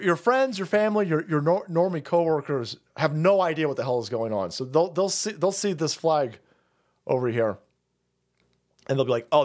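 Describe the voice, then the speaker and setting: A man's voice: fairly high pitch, a little mellow. A man ranting on a livestream, profane and heated, with frequent stammering restarts. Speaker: streamer. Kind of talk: livestream rant.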